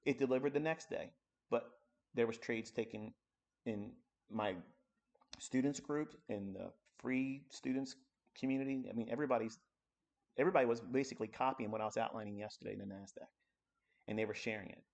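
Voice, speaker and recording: A trading educator gives a live-streamed lesson, working through charts at his computer. His medium-pitched, slightly mellow voice has vocal fry and moves a little fast, and he talks bluntly and coarsely.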